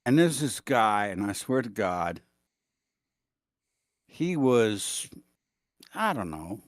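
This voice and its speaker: Male guest, lowish voice, rambling casual anecdotes, dry recording. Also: very animated, takes it slowly, no echo. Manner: rambling, hesitant with fillers. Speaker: guest chatting. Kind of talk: casual chat.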